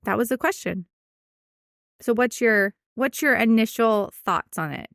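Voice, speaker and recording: A woman's voice: fairly high pitch, a little slow, fairly bright tone, no echo, studio quality. A woman in her thirties, a veterinarian hosting a podcast, explaining things in casual chat and laughing easily. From United States.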